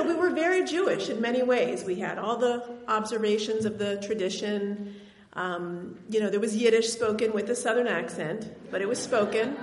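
A woman's voice: medium pitch, slight background noise. A woman from Tennessee telling a personal story on stage, in a conversational, wry way with bits of laughter. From Tennessee, US South. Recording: roomy hall reverb.

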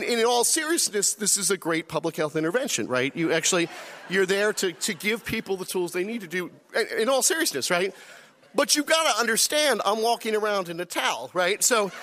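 Middle-aged guy with a pretty high voice telling an audience a story on himself, chuckling as he goes. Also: sharp tone, slight background noise. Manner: self-deprecating, laughing through the story. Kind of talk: personal story told to an audience.

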